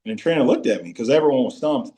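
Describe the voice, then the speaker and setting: Rapid-fire, a man recounts locker-room tales as a podcast guest and ex-pro football player. His anecdotes are animated, and he jumps into high-pitched impressions of teammates during the casual interview.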